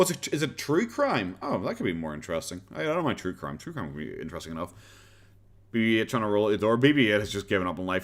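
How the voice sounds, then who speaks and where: An Irish man with a somewhat low voice hosts a relaxed live stream, answering viewer comments as they come in. He rambles from one thought to the next, restarts his sentences and breaks into laughter often. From Ireland.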